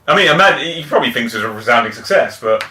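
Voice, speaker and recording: A man co-hosting a podcast, telling stories with animated, excitable energy in casual music chat. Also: mid-range voice, rapid-fire. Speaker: podcast co-host. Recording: echoey room, distant mic.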